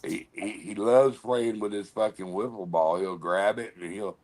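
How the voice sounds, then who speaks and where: A man's voice: lowish voice, moderate pace, darkish tone. A man co-hosting a casual chat, telling rambling stories and swearing freely.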